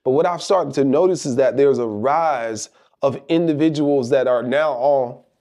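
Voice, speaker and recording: Man, middle-aged, motivational monologue, emphatic, repetitive rhetorical phrasing, mellow dark tone. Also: mid-range voice, moderate pace. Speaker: motivational speaker.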